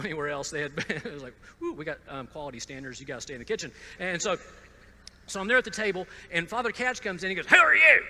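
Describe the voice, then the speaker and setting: A man's voice: on the high side, bright, forceful tone, long reverb tail. A man from Georgia gives a personal testimony talk, stumbling over repeated words and dropping wry asides. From Georgia, USA. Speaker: speaker at a conference.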